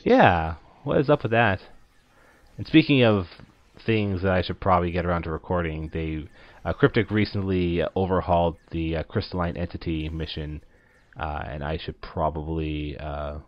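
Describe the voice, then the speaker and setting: A man's voice: low voice, normal speed, dry recording. A man hosting a let's play, giving casual, rambling commentary full of filler words over his game. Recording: dull lo-fi dry voice recording.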